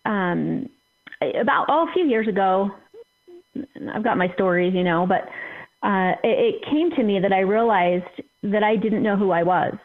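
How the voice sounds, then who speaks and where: A woman's voice: mid-range voice, unhurried. Chatty woman on a phone line. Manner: chatty, many fillers and restarts. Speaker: guest, entrepreneur. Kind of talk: casual interview storytelling. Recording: phone-line call-in audio.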